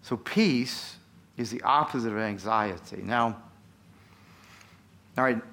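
A man's voice: medium pitch, slow, a bit bright. A man, a pastor, preaching a sermon in a conversational way and putting questions to his congregation.

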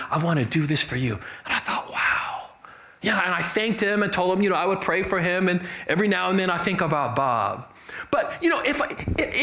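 Preacher guy with a fairly high voice, swings up and down a lot, echoey church room, keeps going "amen?". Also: fairly bright tone. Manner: emphatic preacher, repeats phrases, asks the congregation to respond; acts out quoted dialogue in a lower voice. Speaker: pastor. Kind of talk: sermon. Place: church sanctuary. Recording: roomy church echo.

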